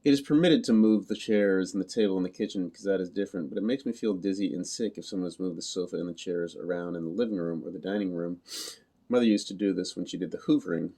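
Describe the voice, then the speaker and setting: Male reader, deep and dark, flat and measured first-person reading. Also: creaky. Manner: flat, literal, measured delivery. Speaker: audiobook reader.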